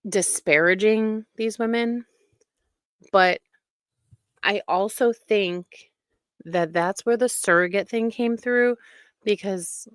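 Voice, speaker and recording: A woman hosts her own commentary show, speaking slowly and deliberately. Her tone is indignant and emphatic as she talks casually. Her voice sits at a middling pitch and sounds dry, with no room echo. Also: fairly bright tone, clean tone. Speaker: commentary host.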